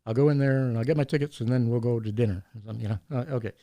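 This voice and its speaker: A man telling anecdotes in a casual podcast chat, animated and laughing often, acting out the people in his stories. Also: mid-range voice, racing, no room sound. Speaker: podcast guest. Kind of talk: casual storytelling.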